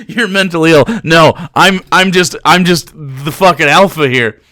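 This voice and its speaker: A man's voice: a little high, very animated, a little slow, bright, forceful tone. A man streaming live, taunting a chatter with profanity and frequent laughter.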